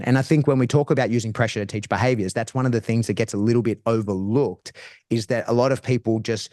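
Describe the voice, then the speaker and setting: Dog trainer guy chatting on a podcast, mid-pitched, dry close sound, loose slangy talk. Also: fast talker, dry recording. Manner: animated, slangy, restarts phrases. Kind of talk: casual explanatory chat.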